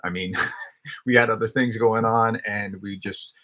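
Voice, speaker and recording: A man's voice: on the low side, fairly even intonation, unhurried, pushed and bright. A man hosting a casual question-and-answer stream, explaining his views in a conversational, thinking-aloud way with frequent restarts. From United States. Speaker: host answering viewer questions.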